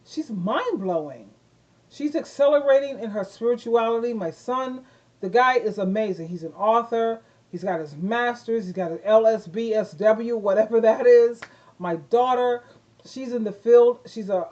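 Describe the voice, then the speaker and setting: A woman's voice: fairly high pitch, warm tone, highs cut off. A middle-aged woman vlogging casual life advice to her viewers, rambling and repeating herself with effusive praise. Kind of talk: casual talk to camera.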